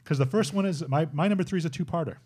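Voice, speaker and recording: Podcast host, man in his 40s, quick delivery, keen plot recapper. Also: a little high, dark tone, breathy edge. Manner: retells cartoon plots eagerly. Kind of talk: casual chat.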